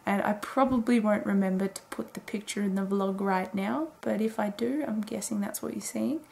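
A woman's voice: mid-range voice, normal speed, gravelly, a little mellow. A woman in her twenties rambling casually through a late-night video diary, chatty and full of fillers. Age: 20s. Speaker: daily vlogger.

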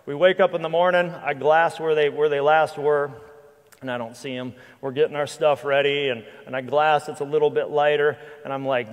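A man's voice: on the high side, normal speed, dull audio. Man telling a story in a reverberant church hall. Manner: lively anecdotal storytelling with repeated restarts. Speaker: guest speaker and hunting guide. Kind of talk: storytelling talk to a church audience. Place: church hall with live audience. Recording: long reverb of a large hall.

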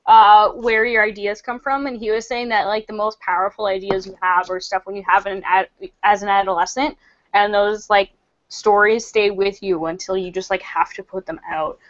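A woman's voice: mid-range voice, fairly even intonation, moderate pace. A woman hosting a casual book club over a video call from a room at home, chatty and full of fillers. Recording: muffled video-call audio.

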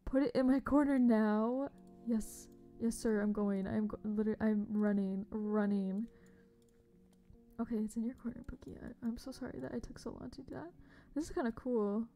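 A young woman streaming a game, chatting casually and bubbly with her viewers, often dropping to a soft whisper. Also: medium pitch, fairly even intonation, normal speed. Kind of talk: casual livestream chat. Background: faint background music.

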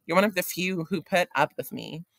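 A man's voice: sits high, animated, fairly quick, gravelly, a bit bright, no echo, heavily acted. A man voicing a curious, dreamy teenage girl in a read-aloud of a novel. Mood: earnest.

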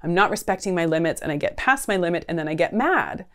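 A woman's voice: lowish voice, animated, quick pace. Earnest woman counsellor, conversational advice. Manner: earnest, conversational, frequent "right?" and "like". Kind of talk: talking-head advice video.

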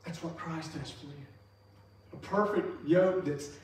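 High-voiced man preaching in an echoey church. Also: a little slow. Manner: preaching with emphatic rises and soft drops. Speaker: pastor. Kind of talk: sermon. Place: church sanctuary. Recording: echoey church hall, mic far off.

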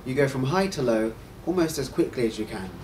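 A man's voice: medium pitch, expressive. Guy teaching a language lesson, voice moves up and down a lot, a bit far from the mic with some hiss. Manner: clear, encouraging, models sounds slowly. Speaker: host and Mandarin teacher.

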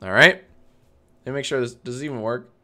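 A male streamer chatting casually on a live stream, reading out viewer comments between loose, rambling asides. He swears freely and keeps cracking up, with an ordinary mid-pitched voice. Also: fast talker, bright, forceful tone. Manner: swears freely, breaks into laughter, rambling restarts. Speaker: livestream host.

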